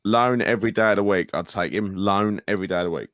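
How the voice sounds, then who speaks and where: A man as a guest on a live online football chat, jumping in with short lively remarks. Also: fairly low pitch, no echo, studio quality. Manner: quick, animated interjections. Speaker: panel guest.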